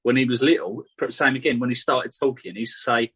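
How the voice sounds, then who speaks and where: A man's voice: medium pitch, fairly even intonation, fast, a bit bright, husky. A man co-hosting a podcast in casual chat, easygoing and agreeable. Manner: easygoing, agreeable, backs others up. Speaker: podcast co-host.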